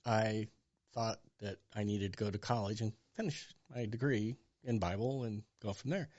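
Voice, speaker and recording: Pastor in his sixties, animated storyteller voicing the other people in his stories, dull mic sound. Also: lowish voice, normal speed. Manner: animated storyteller acting out dialogue. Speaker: pastor and guest. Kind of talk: storytelling interview.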